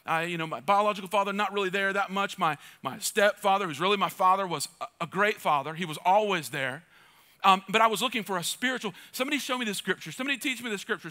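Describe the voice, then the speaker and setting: Bright high-voiced preaching man. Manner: passionate preaching, swinging between loud urging and soft asides; repeats phrases for emphasis. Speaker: pastor. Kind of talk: sermon.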